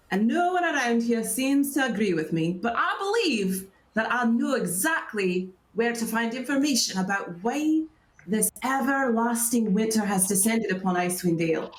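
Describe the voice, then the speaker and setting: A woman's voice: on the high side, very animated, a little slow. A woman voicing a bundled-up female scholar, friendly and rambling, with a put-on Welsh accent. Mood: chatty. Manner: friendly, rambling, stumbles a little. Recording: roomy echo, faint noise.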